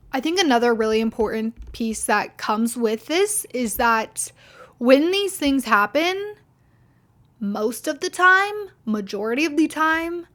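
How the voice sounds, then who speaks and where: Young woman venting on her podcast, swears a ton, says like constantly, kinda high voice. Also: a bit bright. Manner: blunt, heavy swearing, frequent "like"; indignant, venting. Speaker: podcast host. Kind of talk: casual storytelling monologue.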